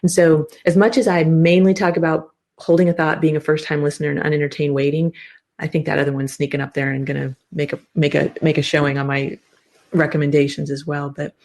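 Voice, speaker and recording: A guest therapist in her fifties explains things animatedly during a casual interview, restarting her sentences frequently. Her voice is low and a little fast.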